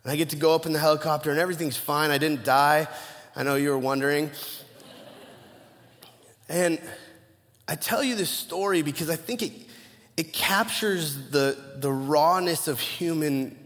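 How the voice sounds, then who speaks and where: A man's voice: on the high side, normal speed, long pauses, long reverb tail. A man preaching a sermon as pastor, telling a funny story and acting out the voices of the people in it. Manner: storytelling with humor and animated quoted voices.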